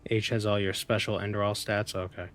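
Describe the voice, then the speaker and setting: A man streams a game and chats loosely, cracking jokes and reading lines aloud as he plays. His voice sits on the low side. Quiet game music runs in the background. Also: flat delivery, brisk. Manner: joking, reads game dialogue aloud, muses to himself. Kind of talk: casual gameplay commentary.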